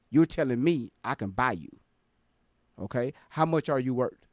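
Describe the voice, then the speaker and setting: A man's voice: mid-range voice, expressive, normal speed, no room sound, clean studio sound. A man hosting a casual livestream, talking with viewers in the chat. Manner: mumbling and trailing off into fillers, then laughing and ranting loudly. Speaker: livestream host.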